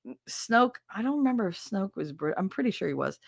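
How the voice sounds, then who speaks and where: A woman's voice: mid-range voice, very animated, a little fast, creaky, no room sound, clean studio sound. A woman hosting a podcast in a casual chat, frank and profane, reading viewer comments and laughing often. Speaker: podcast host.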